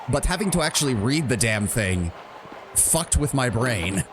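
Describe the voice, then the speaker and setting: A man's voice: mid-range voice, expressive, moderate pace, background noise. A man streaming a game, talking through it in a rambling, profane, self-mocking way. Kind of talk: live game commentary.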